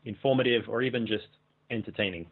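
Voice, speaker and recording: Man from Australia, low voice, tinny phone-like line, hesitant casual chat. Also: fast talker. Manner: hesitant, trails off with fillers. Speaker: fellow channel creator, guest. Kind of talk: casual interview conversation. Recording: tinny phone-like call audio.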